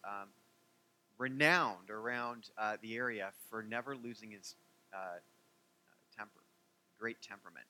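A man preaching a sermon as pastor, animated and joking, with many fillers. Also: medium pitch.

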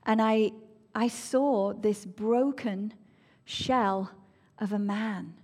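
A woman shares a personal faith testimony in an earnest, emotional way. Her voice sometimes sinks to a soft, hushed near-whisper. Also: medium pitch, drawn-out words, slightly rough. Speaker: speaker sharing a personal testimony.

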